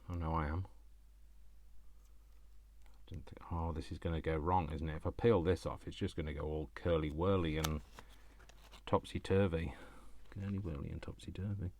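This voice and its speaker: A man who talks fast and loud, chatting to himself by name while making crafts. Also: extremely low pitch, steady tone. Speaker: crafting channel host. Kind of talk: casual chat while crafting.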